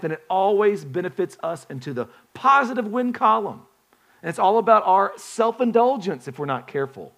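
Man preaching a sermon, somewhat high voice, chatty, asks the room questions, restarts phrases. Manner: conversational, asks the congregation questions, frequent restarts. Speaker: pastor.

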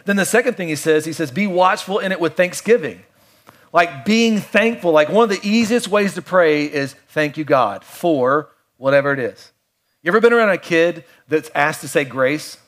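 A middle-aged man preaching a sermon in a conversational way, with playful asides and quiet, reflective stretches. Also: a little high, expressive, moderate pace. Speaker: pastor.

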